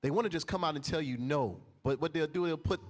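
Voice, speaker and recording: A man's voice: on the high side, fast. A man teaching the Bible in a casual, emphatic storytelling way.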